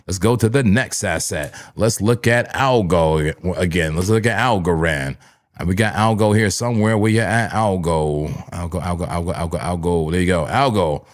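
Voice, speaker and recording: A man with a fairly low voice hosts a live crypto trading stream. He calls out entries and targets quickly and chats with viewers in a playful, hyped way. Now and then his voice jumps high with excitement. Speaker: livestream trading host.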